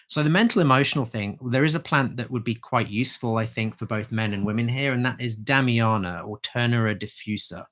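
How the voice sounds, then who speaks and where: A man's voice: mid-range voice, a bit bright. Man explaining herbs in a casual livestream. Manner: chatty, informal explaining. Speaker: herbalist. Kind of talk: livestream talk on herbal medicine.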